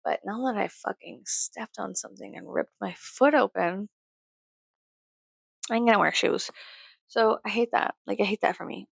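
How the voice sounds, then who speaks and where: A woman vlogger ranting in a casual, rambling way, full of swearing, jumping from loud outbursts to low mutters. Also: moderate pace, creaky, pauses often, breathy edge, dry recording.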